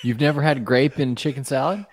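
A man's voice: medium pitch, fairly quick, dry recording. Dry-voiced man poking holes. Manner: dry, fact-checking interjections. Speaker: podcast co-host. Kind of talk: casual chat.

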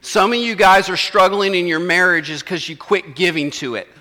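A man's voice: high-pitched, moderate pace, pushed and bright, big-room sound. A man, preaching a sermon in a church in a conversational way and acting out the voices of his listeners. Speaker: pastor.

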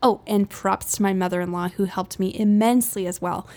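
A woman's voice: medium pitch, fairly even intonation, fairly quick, dark tone. Upbeat chatty woman podcast host. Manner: chatty and upbeat, laughing often at herself. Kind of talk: casual faith-based podcast monologue.

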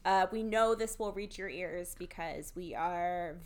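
A woman's voice: fairly low pitch, a little slow. A young woman co-hosting a podcast in casual chat, earnest and outspoken with jokey asides. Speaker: podcast co-host.

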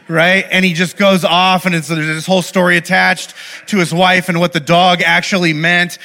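A young man speaks to a live audience in an animated, playful way, regularly checking in with his listeners. His voice sits high for a man and sounds bright and forward, with a lot of pitch movement. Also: normal speed. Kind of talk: lively talk to a live audience.

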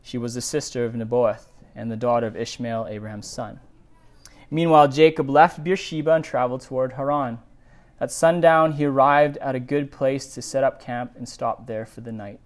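A male pastor giving a sermon, reading scripture aloud and breaking off into animated, digressive asides. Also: mid-range voice, normal speed.

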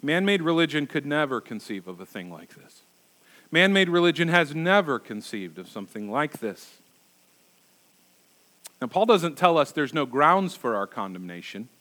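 A man's voice: on the high side, sharp tone. A middle-aged male pastor preaching a sermon, emphatic and repeating words for stress.

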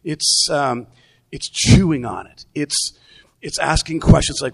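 A man's voice: a little high, lively intonation, measured pace, gravelly, husky. A man preaching a sermon in a conversational way, often repeating words as he thinks aloud. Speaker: pastor.

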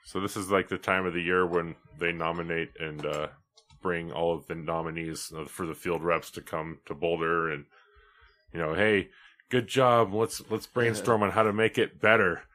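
A man's voice: sits low, fairly even intonation, normal speed, sharp tone. A man co-hosting a podcast, telling stories in a crude, self-mocking way. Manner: profane, self-mocking storytelling. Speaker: podcast co-host. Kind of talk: casual podcast chat.

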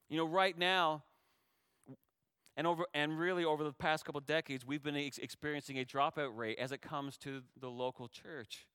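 A man preaching as pastor swings between hushed, tender lines and loud, rising exhortation, emotional and near tears. His voice is on the high side and smooth, with no echo.

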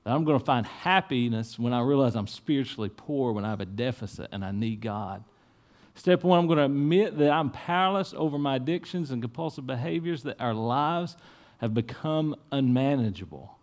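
A man delivers a sermon from the pulpit at an ordinary, middle pitch. He sounds earnest throughout. He sinks into quiet, low asides and then climbs into raised, urgent appeals. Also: expressive, moderate pace. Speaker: pastor. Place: church.

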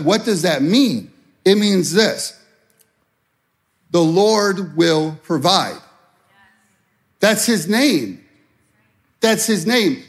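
A middle-aged pastor preaches a sermon in a conversational style, offering worried prayers along the way. He speaks slowly in a high-pitched voice.

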